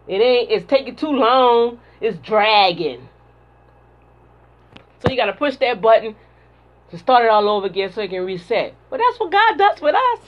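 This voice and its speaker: A woman preacher delivering a sermon and prayer in a fervent, repetitive cadence, on a dull lo-fi recording. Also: fairly high pitch. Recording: dull lo-fi sound.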